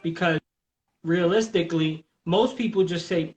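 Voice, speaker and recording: Hosting a casual live podcast, a man speaks fairly quickly in a high voice over poor audio. He's blunt and animated, swearing a lot and drawing others in by asking questions.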